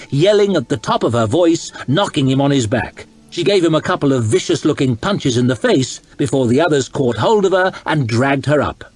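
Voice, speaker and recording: A man reading a novel aloud in a calm, steady, soft-spoken ASMR style, with a breathy voice. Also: mid-range voice. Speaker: storyteller.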